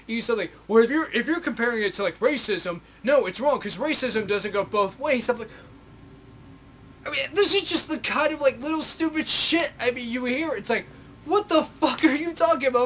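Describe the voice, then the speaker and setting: A young video blogger rants into his camera in a very high, fairly bright voice, with a little hiss or hum in the audio. His monologue is sarcastic and constantly profane, and he mocks people by putting on voices.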